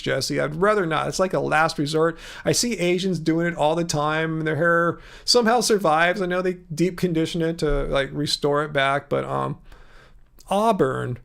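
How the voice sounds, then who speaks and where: A man's voice: a little high, vocal fry. A man hosting a casual livestream, reading out viewer comments and musing aloud about them. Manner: chatty, musing aloud, trails off and restarts. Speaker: livestream host. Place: studio with colored lights.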